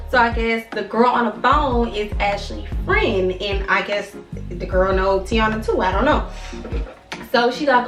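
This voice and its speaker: A young woman in her twenties telling a storytime vlog in an animated, slangy, profane way. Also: a little high, a little slow. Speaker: vlogger. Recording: echoey room from a distance, faint music.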